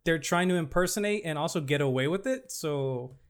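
A man with a high voice and a wide, bouncy pitch chats as a podcast guest. He talks in an animated way and swears casually. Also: a little fast, clean tone. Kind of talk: casual chat.

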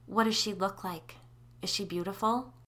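A woman's voice: medium pitch, fairly even intonation, moderate pace, pushed and bright, pitched above the performer's own voice, natural voice. A woman voicing an anxious, curious woman in an audio story, asking eager questions in a slightly raised voice.

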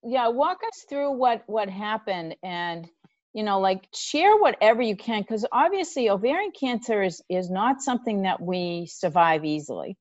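A woman hosting a podcast, drawing her guest out with gentle, encouraging questions. Her voice sounds dry and close, with a dull, slightly lo-fi tone. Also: medium pitch, expressive, moderate pace, no room sound. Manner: sympathetic, encouraging prompts. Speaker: podcast host. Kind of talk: interview.

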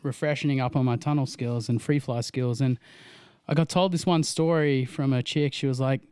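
A man chatting casually, laughing often and telling lively stories. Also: mid-range voice, moderate pace, clear, resonant tone, dry recording. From Australia. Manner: animated storyteller, laughs often. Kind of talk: casual podcast chat.

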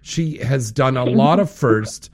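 A man hosting a talk show, introducing his guest with gushing, animated enthusiasm. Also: medium pitch, slow. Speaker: show host.

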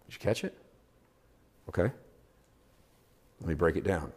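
A middle-aged man preaching a sermon, swinging from loud emphatic peaks down to quiet, low asides. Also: expressive, moderate pace, long pauses, slightly rough. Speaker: pastor.

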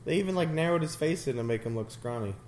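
Man, casual movie chat, lively pitch, bright tone, joking, faint noise. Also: quick pace. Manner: joking, animated, laughs often.

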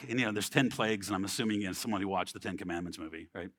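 Bright, conversational male preacher. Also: sits low, rapid-fire, few pauses. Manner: conversational, frequent "right?" check-ins; acts out quoted people in voices. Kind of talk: sermon.

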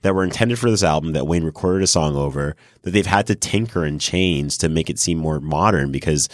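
A man's voice: a bass voice, brisk, dry recording, studio quality. A man co-hosting a podcast, chatting casually about an album, enthusiastic and full of fillers. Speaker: podcast co-host. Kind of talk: casual music review chat.

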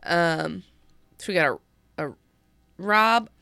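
Woman co-host with a lowish, fry-heavy voice, rambling and self-interrupting as she reads. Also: lively intonation, slow pace, pushed and bright, no echo, studio quality. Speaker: podcast host. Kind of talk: casual chat, reading an article aloud.

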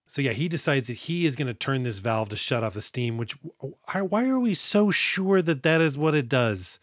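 A man's voice: medium pitch, animated, moderate pace, no room sound, clean studio sound. A man co-hosting a podcast, casually recapping a movie and jokingly acting out the characters' lines. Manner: joking, acts out quotes. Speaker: podcast co-host.

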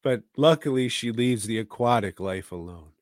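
A man's voice: mid-range voice, lively intonation, normal speed, no echo, studio quality. A man co-hosting a podcast, chatting casually about movies in a rambling, profane way and chuckling between his points. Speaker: podcast co-host.

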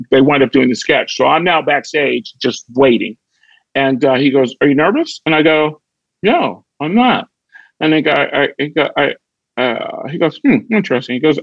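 A man's voice: mid-range voice, vocal fry, slightly rough, dry recording, muffled recording. A middle-aged man from Chicago, a comedian guest on a podcast, telling a backstage story and acting out the quoted dialogue. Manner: lively anecdote teller who acts out quoted dialogue.

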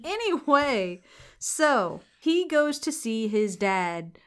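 Smooth-voiced woman, punchy and profane. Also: on the high side, big pitch swings, slow. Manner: profane, punchy, laughs often. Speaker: podcast co-host. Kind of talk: casual chat recapping a movie.

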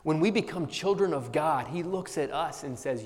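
Male pastor, slightly high voice, earnest sermon delivery, long hall reverb. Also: moderate pace, few pauses. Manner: earnest, emphatic, with sudden bursts of animated humor.

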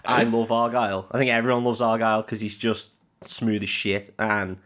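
A man's voice: on the low side, level tone, moderate pace, a bit bright. A man co-hosting a podcast, casually retelling a film in a rambling, jokey, sweary way with lots of ums. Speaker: podcast co-host.

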